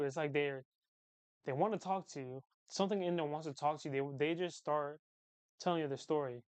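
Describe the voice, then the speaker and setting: A man's voice: on the high side, darkish tone, smooth, dry recording. A young man hosting a livestream, chatting casually with viewers in a rambling, slangy way and repeating his phrases. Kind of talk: casual chat.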